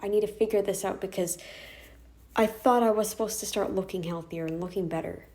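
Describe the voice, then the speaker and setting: A vlogger with a medium-pitched, slightly mellow voice talks briskly while venting in an emotional video from her bedroom. Exhausted and teary, she keeps sighing and restarting.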